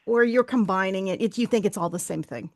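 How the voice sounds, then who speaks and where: A woman's voice: mid-range voice, fairly quick, no echo. A woman hosting an interview podcast, chatting casually and encouraging her guest. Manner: chatty, encouraging, frequent backchannel and laughs. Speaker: podcast host. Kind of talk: conversational interview.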